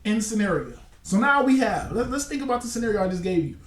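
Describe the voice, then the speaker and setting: A man in his forties with a high-sitting, expressive voice talks fast, offering casual commentary while spinning out a long hypothetical scenario. He repeats points for emphasis. The mic is distant and the room echoes.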